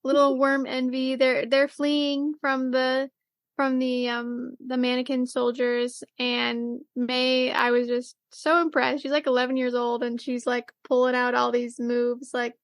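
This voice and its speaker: A high-pitched woman talks through an anime episode on a casual podcast, rambling with plenty of "like"s and popping into short silly quotes. Her voice is close and dry, with no room sound at all. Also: level tone, no room sound. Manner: chatty, rambling, many "like"s and fillers, quick acted-out quotes. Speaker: podcast co-host. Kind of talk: casual anime recap chat.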